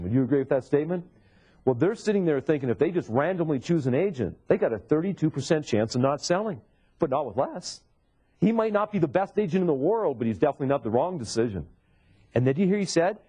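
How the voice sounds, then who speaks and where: Male sales trainer, slightly higher voice, mellow timbre, lecturing to a room and quizzing them. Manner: asks the audience rhetorical questions. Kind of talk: seminar lecture.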